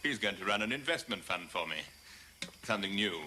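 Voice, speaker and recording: A man's voice: fairly low pitch, animated, brisk, background noise, natural voice. A man playing a scornful, sarcastic host. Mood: sardonic. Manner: sardonic, mocking rant. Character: scornful wealthy male host, bullying and sarcastic. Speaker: dinner party host. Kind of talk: film drama acting.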